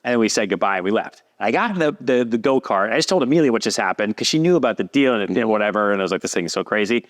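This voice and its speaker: A man, a podcast guest telling a long story in a lively casual way and acting out what others said. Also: lowish voice, rapid-fire. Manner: animated, acts out quoted voices.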